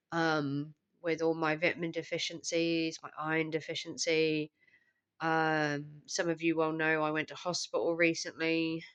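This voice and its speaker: A woman's voice: deep voice, a bit bright, clear, resonant tone. A young woman vlogger with the flu, her voice worn by illness, talking in a tired, drained, rambling way with many ums. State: sick with flu, voice affected. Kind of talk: casual catch-up vlog.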